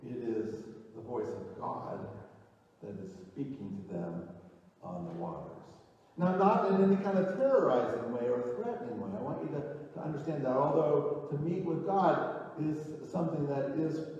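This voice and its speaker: Distant echoey pastor preaching in a church. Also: male voice, animated, moderate pace. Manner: conversational, thinks aloud with restarts, drops low and quiet on key phrases. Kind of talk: sermon. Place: church sanctuary. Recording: echoey church hall, distant mic, dull and lo-fi.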